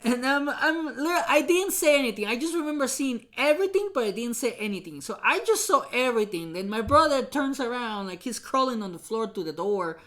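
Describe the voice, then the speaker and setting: A woman hosting a podcast who tells a painful personal story, halting and repeating herself, with many fillers. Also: a little high, animated, fairly bright tone. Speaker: podcast host.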